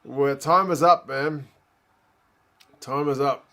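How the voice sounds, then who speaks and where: Guy chatting through a rugby match live, casual, middle pitch. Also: steady tone, slow, long pauses, pushed and bright. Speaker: host. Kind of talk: casual live watch-along chat.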